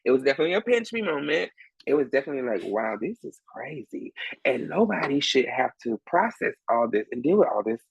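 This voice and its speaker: A man tells a backstage story as an interview guest, his voice swooping high and low as he acts out everyone in it. His tone is gravelly and a little husky. The sound is close and dry. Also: a little fast, dry recording, low-quality recording. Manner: lively, acts out voices of people in his story, laughs often. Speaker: guest, Broadway swing performer. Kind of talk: animated storytelling in conversation.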